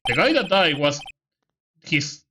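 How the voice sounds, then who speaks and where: A woman doing a gruff, bumbling male cop. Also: deep voice, big pitch swings, takes it slowly, noisy background, heavily acted. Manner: gruff, blustering. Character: clumsy male police detective, gruff but bumbling. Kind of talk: let's-play voice acting.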